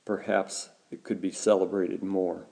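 A man preaching a sermon as a pastor, measured and deliberate, slowing down to stress key words. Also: low voice, little pitch movement, vocal fry, warm tone.

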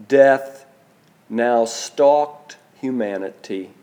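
A man preaching a sermon, slow and deliberate, letting his voice drop soft on key phrases. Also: medium pitch. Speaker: pastor.

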